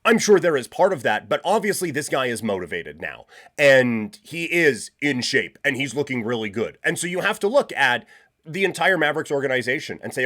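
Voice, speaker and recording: A male sports talk host delivers blunt, opinionated takes in a loose, rambling way. He starts over often and leans on fillers, and his voice sits at an ordinary middle pitch for a man. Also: big pitch swings, a little fast, a bit bright. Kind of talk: casual sports commentary.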